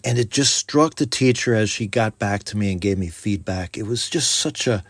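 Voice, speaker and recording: A man's voice: lowish voice, normal speed, no room sound. A man who is a teacher, talking casually about vocabulary, acting out classroom quotes with lots of fillers. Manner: animated, acts out classroom quotes, frequent fillers. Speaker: teacher and podcast host. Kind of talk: casual educational talk.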